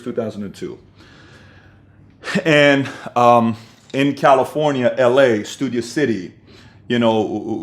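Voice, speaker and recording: A middle-aged man telling a personal story as a motivational speaker, moving between hushed moments and punchy bursts. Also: mid-range voice.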